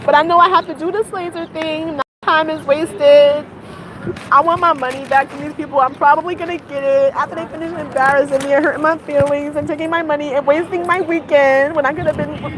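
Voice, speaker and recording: A woman vlogging outdoors, upset and venting, with a dry cough and frequent rhetorical questions. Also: high voice. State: dry cough, clearing throat. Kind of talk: venting vlog monologue. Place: outdoors on a city street, heading to a train. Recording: street noise behind.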